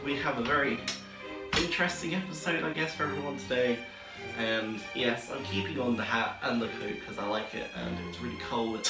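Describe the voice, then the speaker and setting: A man hosting a comic cooking video, talking loudly and excitedly as a playful showman. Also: medium pitch. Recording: roomy echo, distant mic, music behind.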